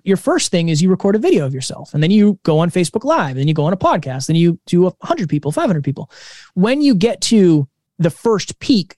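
A man in his twenties, a podcast co-host, telling stories in a casual, energetic interview. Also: high voice, dry recording, studio quality. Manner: energetic, animated storytelling.

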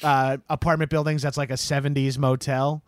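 A man's voice: mid-range voice, little pitch movement, fairly quick, no echo. Joking American man, dry close sound. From United States. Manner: joking, crude and self-deprecating. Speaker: guest. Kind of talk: casual podcast chat. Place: at home in Los Angeles, remote.

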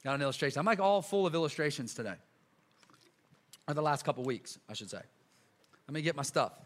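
A male pastor preaching a casual, energetic sermon to a church congregation, full of slang, repeats and asides. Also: on the high side, fast, long pauses. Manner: lively, chatty preaching with slang and repetitions. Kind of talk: sermon with a live illustration.

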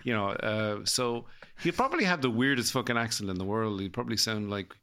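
Irish male comic host, 30s, loose self-deprecating chat, low voice with a bright edge. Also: animated, a little fast, smooth. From Ireland. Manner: rambling, self-mocking, laughs at his own jokes. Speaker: comedian and podcast host. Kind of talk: casual comedic chat.

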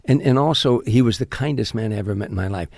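An older man, a comedian guest in an interview, telling animated anecdotes and often restarting his sentences. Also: on the low side, fast, creaky, dry recording, clean studio sound. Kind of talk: storytelling in an interview.

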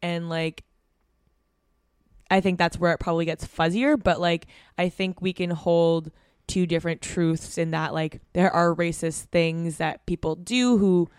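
Smooth-voiced woman podcast co-host. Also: fairly low pitch, steady tone, darkish tone, dry recording, studio quality. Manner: measured, reflective, fond of "like". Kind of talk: casual podcast chat.

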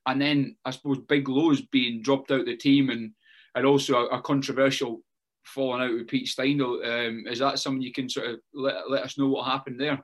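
A man's voice: mid-range voice, level tone, normal speed. A man with a Scottish Borders accent chatting casually on a podcast, rambling through stories full of fillers and repeats. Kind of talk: casual chat.

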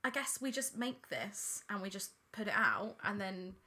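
Bright British woman, podcast co-host, giggly casual chat. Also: mid-range voice, animated, moderate pace. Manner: giggly, chatty, self-deprecating.

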